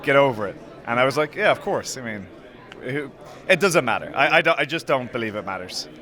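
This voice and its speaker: A man's voice: mid-range voice, animated, a little fast, bright, forceful tone. A male fight coach in a casual interview chat, friendly and chatty, telling stories with a laugh.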